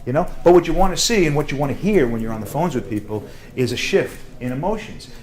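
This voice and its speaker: A man with a New York accent teaching a sales seminar, talking fast and loud with a joking, animated manner. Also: fairly high pitch. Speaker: sales trainer. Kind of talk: classroom sales seminar talk.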